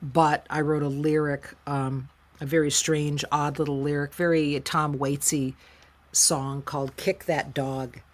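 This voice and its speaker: Woman, middle-aged, deep voice, candid, emotional, animated storyteller. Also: unhurried. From United States. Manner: frank, emotional, animated retelling with quoted voices. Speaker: interview guest, singer-songwriter.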